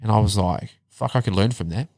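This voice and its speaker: A man telling his life story in a casual chat, blunt and animated, swearing heavily. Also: fairly low pitch, a little fast, vocal fry, no room sound. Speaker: podcast guest.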